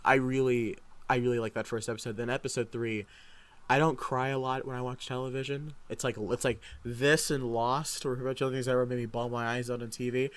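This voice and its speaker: A young man chats casually as a podcast co-host, with a mid-pitched voice. He rambles eagerly and acts out his own past reactions as he goes. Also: flat delivery, brisk. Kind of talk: casual chat.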